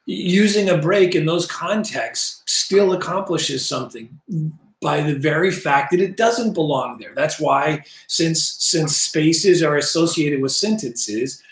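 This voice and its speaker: Fifties man, slightly high voice, teaching Bible language in a wandering, halting, self-deprecating way; echoey room. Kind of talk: casual explanatory lesson. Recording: roomy echo.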